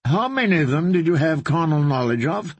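A man's voice: on the high side, animated, fairly quick, husky, no echo, voice pushed up. A man voicing a cold, imperious queen who gives clipped commands.

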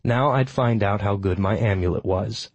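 A man narrates a first-person fantasy adventure with a wry, sardonic edge. His voice sits a little low and carries a husky grain. The recording is dry and close, with no room sound. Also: normal speed, no room sound, poor audio. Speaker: audiobook narrator.

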